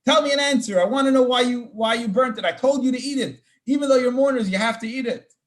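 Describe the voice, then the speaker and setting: A man's voice: very high voice, fast talker, voice pushed up. A man voicing the biblical leader Moses, stern and indignant, demanding answers in a raised questioning voice.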